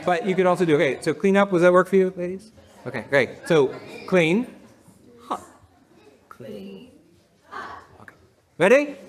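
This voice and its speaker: Pastor, male, high voice, leads a clapping game with the congregation, playful and laughing. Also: expressive, normal speed, pauses often. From United States. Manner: playful, laughing, counting in the crowd. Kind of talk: leading a congregation in a rhythm game. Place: church hall with a congregation.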